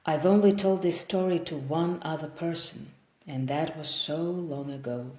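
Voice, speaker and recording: A woman voicing a sad, gentle male vampire, centuries old, who speaks in a soft, measured, wistful way. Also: low voice. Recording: roomy echo.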